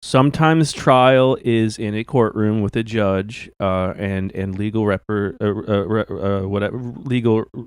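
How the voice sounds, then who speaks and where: Deadpan man in dry improvised comedy chat. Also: on the low side, smooth, no echo. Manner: deadpan, halting with many restarts. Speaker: comedy podcast host playing a doctor.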